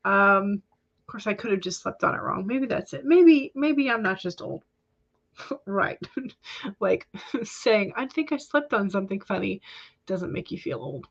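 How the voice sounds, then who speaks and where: A woman's voice: medium pitch, lively intonation, a little slow, lo-fi sound. A woman hosting a casual livestream chat, talking in a chatty, hesitant way with many ums and small laughs. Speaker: livestream host of writing sprints.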